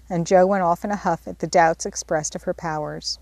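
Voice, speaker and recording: A woman reading a classic novel aloud as an audiobook narrator, in a steady, measured storytelling voice. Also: lowish voice, creaky, no room sound. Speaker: audiobook reader. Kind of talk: scripted narration.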